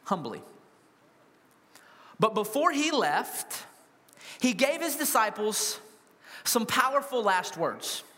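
A man preaching a sermon to a congregation, animated and humorous, full of rhetorical questions. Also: high-pitched, slow pace, pauses often. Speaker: pastor. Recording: long hall reverb.

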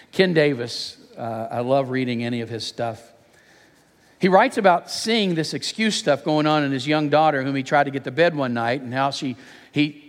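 An older pastor preaching a sermon in a conversational, storytelling way, speaking to a church audience. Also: male voice, medium pitch. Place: church auditorium. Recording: reverberant hall.

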